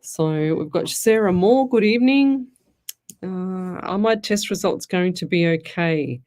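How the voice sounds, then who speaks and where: In a radio studio, a low-ish, darkish female voice takes her time. She's an Australian psychic medium running a live call-in show, rambling cheerfully through listener questions and frequently starting her sentences over as she thinks out loud.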